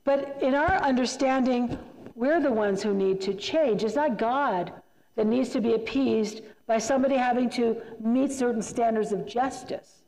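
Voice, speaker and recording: A woman's voice: a little high, moderate pace, mellow. A woman giving a retreat talk to a church group, emphatic and conversational, often repeating herself for emphasis. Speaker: retreat speaker. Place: church hall. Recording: long reverb in a hall.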